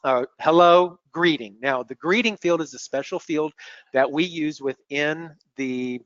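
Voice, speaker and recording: A man presenting a software demo on a screen-share webinar, explaining step by step in a relaxed way and often repeating words as he clicks. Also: fairly high pitch, no room sound. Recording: dull lo-fi webinar audio.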